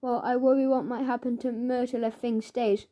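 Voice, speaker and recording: A timid, overly polite mother from a storybook, voiced by a woman narrator. She speaks in a gentle, prim and fretful way. The tone is mellow and a little high. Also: level tone, moderate pace, lightly acted.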